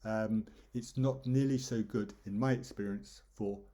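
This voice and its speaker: A man teaching pronunciation over slides, explaining calmly and demonstrating stress and intonation with example phrases. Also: lowish voice, a little slow. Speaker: English teacher.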